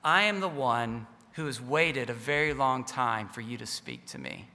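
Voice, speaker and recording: A man voicing a hushed, gentle great lion. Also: medium pitch, big pitch swings, moderate pace, big-room sound, voice pushed down. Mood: gentle, solemn. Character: vast unseen lion, calm and tender.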